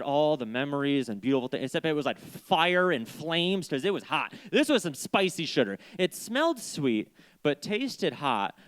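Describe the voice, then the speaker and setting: A man's voice: fairly high pitch, clear, resonant tone. Rambling young man doing stand-up. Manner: rambling, self-deprecating, digressive. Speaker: stand-up comedian. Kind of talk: stand-up storytelling. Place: small community stage.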